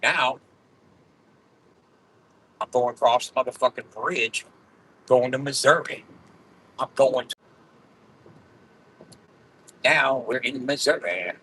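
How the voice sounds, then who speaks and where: A man ranting angrily with constant swearing and loud outbursts while driving in his car. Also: medium pitch, a little slow, pauses often, husky, poor audio. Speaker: vlogger. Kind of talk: profane ranting vlog.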